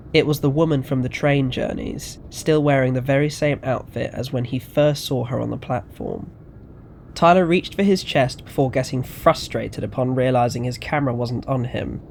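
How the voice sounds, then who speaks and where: A male narrator reading a scripted audio story at a measured, even pace. His voice sits at a middling pitch for a man, neither high nor low. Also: vocal fry.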